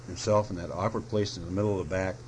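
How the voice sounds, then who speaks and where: A man gently reading a children's storybook aloud in a soft, unhurried way. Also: sits low, fairly even intonation, slight background noise, poor audio. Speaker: narrator.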